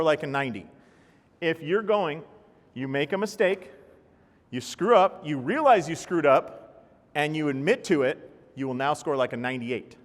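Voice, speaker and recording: A man speaks live to an audience, upbeat and joking, with a fairly high voice. He keeps putting questions to the crowd. The sound carries a long reverb from a large hall. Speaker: speaker at a healthcare talk. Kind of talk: live keynote presentation.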